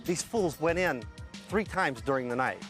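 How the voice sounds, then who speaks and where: A man, a police officer, recalling a break-in case in an interview, pausing often as he talks. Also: fairly high pitch, animated, over music. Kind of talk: interview recollection.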